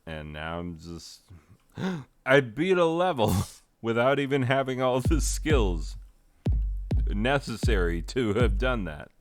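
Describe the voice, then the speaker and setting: A man rambling through joking, deadpan commentary while playing a game, with goofy asides and mock rapping. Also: medium pitch, slow, faint music behind. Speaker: gaming video host.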